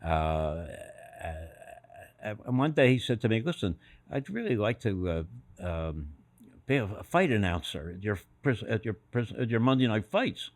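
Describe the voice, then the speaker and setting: A man's voice: fairly low pitch, very animated, normal speed. An older man from Philadelphia, a podcast guest telling stories casually, acting out the voices of the people he quotes, with many fillers and restarts. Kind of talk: casual storytelling.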